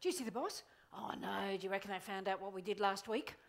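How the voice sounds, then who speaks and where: A woman's voice: medium pitch, fast, gravelly, voice pushed down, lightly acted. A woman voicing a gloomy complaining person who frets over every flaw, in a whiny, moaning manner. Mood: panicky.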